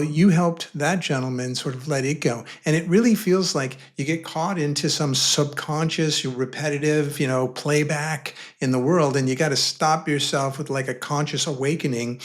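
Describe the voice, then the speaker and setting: A man hosting an interview, reading out numbered questions and affirming his guest's answers in a relaxed, casual way. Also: fairly high pitch, measured pace. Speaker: interview host.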